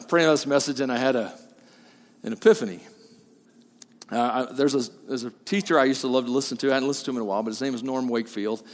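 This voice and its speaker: A male pastor preaching a sermon, moving from quiet asides to loud, emphatic peaks. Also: mid-range voice, long reverb tail.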